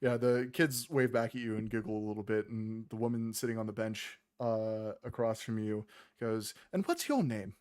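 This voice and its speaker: A man narrating as game master of a tabletop game, relaxed, with many ums and uhs. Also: on the low side, normal speed, clean tone.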